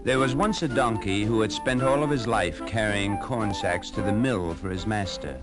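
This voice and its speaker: A man narrating children's fairy tales on a storybook record in an animated, expressive way. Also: lowish voice, moderate pace, loud music behind the voice.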